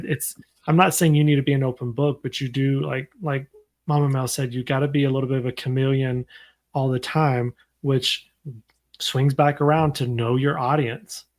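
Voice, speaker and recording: A man co-hosting a casual podcast, talking in a playful, storytelling way. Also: medium pitch. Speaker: podcast co-host. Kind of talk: casual chat.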